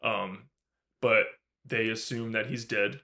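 A man co-hosting a podcast, recapping a horror film in casual, animated talk, swearing often and acting out the characters' lines. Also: lowish voice, slow pace. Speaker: podcast co-host. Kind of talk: casual movie review recap.

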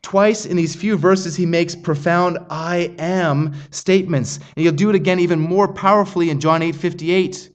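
A middle-aged man delivers an earnest sermon in a high voice. He reads scripture aloud and slows down to press on key phrases, emphatic throughout. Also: fairly even intonation. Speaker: preacher.

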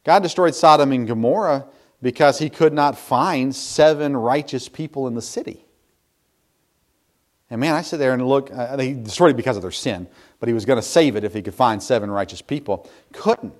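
A man's voice: medium pitch, normal speed. A man preaches a sermon with an earnest, explaining manner. He reads scripture aloud and repeats words as he works through his thoughts. His voice sits in an ordinary middle register. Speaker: pastor.

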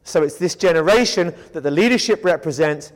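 High-voiced man teaching Bible study. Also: a little fast, long reverb tail, rough recording. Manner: emphatic, asks rhetorical questions and answers them.

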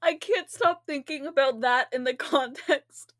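A woman in casual chat with a friend, animated and quick to laugh. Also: high voice, no room sound, clean studio sound. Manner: giggly, laughs often, animated. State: laughing to tears at times.

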